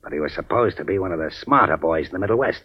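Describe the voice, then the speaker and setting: An actor playing a ruthless undead gang boss, gruff and sneering with tough-guy slang, in 1940s radio acting on a dull old recording. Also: deep voice, expressive, very fast. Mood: menacing.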